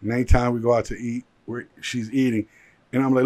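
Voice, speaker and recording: A man, a jeweler and entrepreneur, telling his life story in a casual interview, animated and full of "like" fillers. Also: medium pitch, a little fast.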